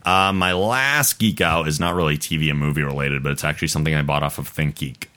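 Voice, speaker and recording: A man's voice: extremely low pitch, fast talker, bright, forceful tone. A man hosting a podcast, chatting casually and rambling a bit, laughing often. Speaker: podcast host. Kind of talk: casual chat.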